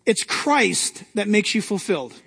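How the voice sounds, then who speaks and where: A man's voice: sits high, sing-song, measured pace, creaky, fairly bright tone, slightly rough, in a large hall. A male pastor preaching a sermon to a congregation, with emphatic rising outbursts.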